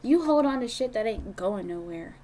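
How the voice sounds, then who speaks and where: A woman's voice: on the high side, expressive, normal speed, mellow, slight background noise. Blunt, foul-mouthed woman tarot reader. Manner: blunt and profane, talks straight to the viewer. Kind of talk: casual tarot reading monologue.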